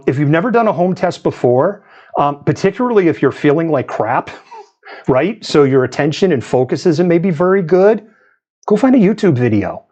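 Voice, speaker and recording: A man's voice: fairly high pitch, darkish tone, dull audio. A man from the US East Coast hosting a live news stream, talking in a chatty, digressive way and laughing often. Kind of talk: casual live-stream commentary.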